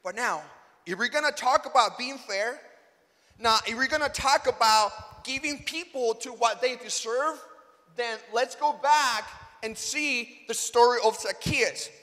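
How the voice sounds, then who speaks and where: Animated preacher guy with a very high, bright voice, telling a story in a reverberant chapel. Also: measured pace. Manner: animated, acts out dialogue, rising to near shouts. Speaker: chapel speaker. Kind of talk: sermon with personal storytelling. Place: school chapel hall. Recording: echoey hall reverb.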